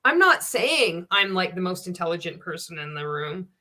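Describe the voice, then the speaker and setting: A woman's voice: fairly low pitch, big pitch swings, moderate pace, sharp tone. A woman in her forties hosting an interview, talking bluntly and heatedly with lots of swearing. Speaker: podcast host. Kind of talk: casual interview chat.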